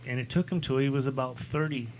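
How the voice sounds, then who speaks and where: Chill middle-aged guy on a podcast, cusses casually, average pitch. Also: fast, a little hiss or hum. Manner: laid-back, casual, swearing. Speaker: podcast co-host. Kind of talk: casual chat.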